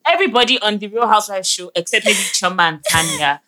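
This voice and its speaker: A woman's voice: medium pitch, quick pace, bright, forceful tone. A young Nigerian woman co-hosting a casual podcast, gossiping animatedly and laughing easily. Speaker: podcast co-host. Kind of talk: casual chat.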